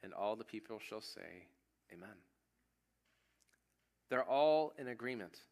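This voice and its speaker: A man preaching a sermon, reading scripture aloud and explaining it in a casual, animated way. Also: medium pitch, normal speed, creaky. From United States. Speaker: pastor.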